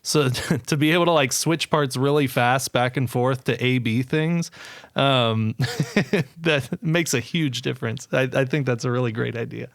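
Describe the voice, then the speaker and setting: Guy chatting quick, mid voice, dry close sound. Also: medium pitch, creaky, no echo. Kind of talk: casual chat.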